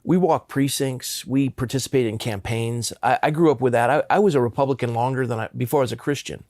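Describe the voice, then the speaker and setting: A man's voice: medium pitch, quick pace, darkish tone, no room sound, studio quality. A man in his fifties, a pastor from Southern California, earnestly telling personal stories in an interview. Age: 50s. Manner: earnest, impassioned.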